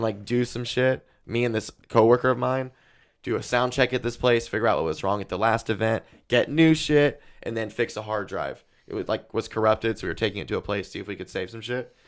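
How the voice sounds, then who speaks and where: A man of middle pitch telling a story as a podcast guest. He rambles and swears freely, and talks frankly about his anxiety in an everyday conversational voice. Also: brisk. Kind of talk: casual storytelling chat.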